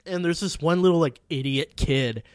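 Male podcast host, profane and excitable, slightly high-pitched, dry booth sound. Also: moderate pace, clean tone, no echo. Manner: profane, excitable storytelling recap; acts out quotes with sudden loud yelps. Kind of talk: casual chat.

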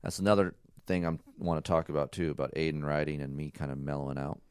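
Profane animated man telling a story. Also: very deep voice, fast talker, smooth, no echo, studio quality. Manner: animated storyteller, swears freely, mimics shouts. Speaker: co-host of a couple's talk show. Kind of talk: casual storytelling chat.

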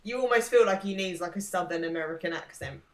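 A woman in her thirties co-hosts a podcast, talking fast in a fairly low voice, with roomy echo and a crowd audible in the background. In this casual chat she is thoughtful, hedges her opinions, and laughs easily.

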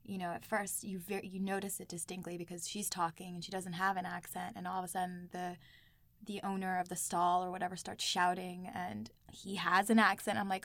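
A lower-pitched woman from South Asia leads a relaxed conversation in a dry, close sound. She thinks aloud, leans on "like" and rewinds mid-sentence. Her tone is conversational and unhurried. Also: no echo. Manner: hesitant, fills with "like" and rewinds mid-thought. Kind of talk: casual podcast discussion.

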